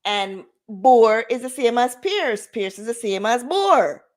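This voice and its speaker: A woman's voice: fairly high pitch, big pitch swings, slow pace. A Jamaican woman in her forties hosting a casual livestream chat, slipping into patois and laughing often. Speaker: livestream host.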